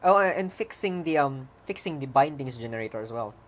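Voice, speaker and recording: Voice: medium pitch, a little fast, a little hiss or hum. Rambling, laugh-prone programmer. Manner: rambling and self-correcting, laughs often, bursts into excited cheers. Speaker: programmer showing their own language. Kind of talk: casual coding stream commentary.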